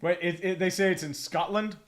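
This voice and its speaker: A man calling a football game play-by-play on a live fan stream, excitable and profane, chatting with his viewers between plays. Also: high voice, fairly quick. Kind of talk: live watch-along commentary.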